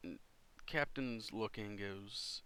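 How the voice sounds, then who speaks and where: A man narrating a tabletop game as game master, in a casual, halting way. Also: lowish voice, pushed and bright, smooth.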